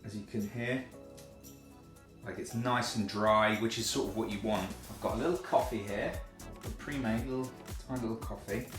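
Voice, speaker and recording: A man's voice: fairly low pitch, moderate pace, fairly bright tone, reverberant, faint music behind. A chatty, self-deprecating man, hosting a casual cooking video in his home kitchen.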